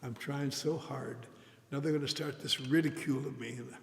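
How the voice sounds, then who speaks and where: A man's voice: medium pitch, fairly even intonation, moderate pace, vocal fry. An older man telling his recovery story at a meeting in a wry, self-mocking storytelling manner, with an audience laughing in a large hall. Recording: echoey hall recording with faint noise.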